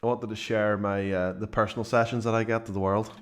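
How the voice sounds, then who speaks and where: A man's voice: lowish voice, little pitch movement, fast. A man hosting a live stream, easygoing and laughing, stumbling over his words. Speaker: podcast host. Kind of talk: casual live-stream banter.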